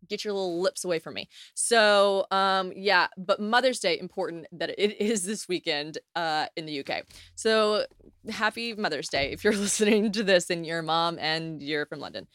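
A young woman from the United States hosting a casual solo podcast, telling stories in a chatty, animated way with plenty of swearing and acted-out quotes. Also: on the low side, normal speed, no room sound, studio quality. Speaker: podcast host.

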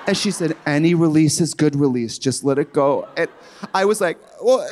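A man co-hosting a live comedy show on a theater stage, telling campy, animated stories. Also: a little high, a little fast, a little hiss or hum. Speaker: comedy podcast co-host.

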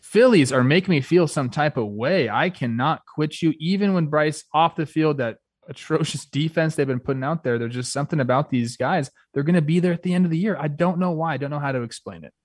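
A man's voice: a little high, fairly quick, few pauses, no echo, studio quality. A man co-hosting a casual sports podcast, talking in a loose, rambling way. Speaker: podcast co-host.

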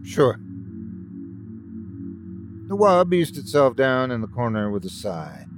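A man narrating a scripted story in an expressive, dramatic way. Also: medium pitch, moderate pace, music in the background. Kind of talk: scripted horror story reading.

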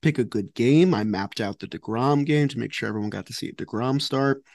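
Male co-host, mid pitch, relaxed and wry, dry close recording. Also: a little fast, gravelly, no room sound. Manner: easygoing, wry asides. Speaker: podcast co-host. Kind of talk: casual sports chat.

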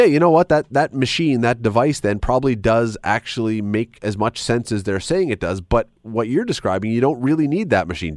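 Male radio talk host, rambling, self-correcting, lively delivery, dry close studio sound. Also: medium pitch, no room sound. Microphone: studio microphone.

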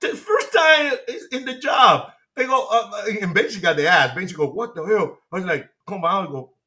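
A man in his sixties tells locker-room stories with animated, profane energy. His voice sits high and sounds bright and forward. He laughs through his own punchlines. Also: moderate pace. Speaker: guest, former baseball manager. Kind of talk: casual storytelling.

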